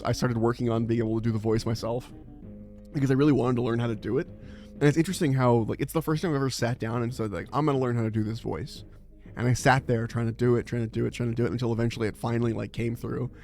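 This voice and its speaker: A man's voice: mid-range voice, darkish tone. A man chatting casually on a live stream, rambling with many fillers.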